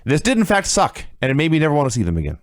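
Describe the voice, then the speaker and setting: A man co-hosting a casual podcast, recapping wrestling with sarcastic, animated commentary. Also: on the high side, racing, no echo, clean studio sound. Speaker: podcast co-host reviewing wrestling.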